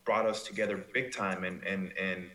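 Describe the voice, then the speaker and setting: A Mexican-American man with a fairly low voice tells a story in an easy, amused way. The room is echoey around him. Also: little pitch movement, normal speed, sharp tone. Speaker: professional baseball player, guest. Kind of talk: casual interview chat.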